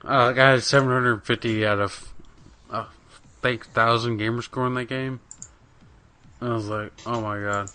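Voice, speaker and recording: A man's voice: mid-range voice, fairly even intonation, moderate pace, pauses often, sharp tone. A man casually chatting on a gaming podcast, rambling with lots of fillers and swearing. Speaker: podcast co-host.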